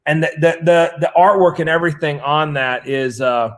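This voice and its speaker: A man co-hosting a casual chat, playful and joking, quick to get excited. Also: fairly high pitch. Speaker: co-host. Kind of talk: casual chat about comics.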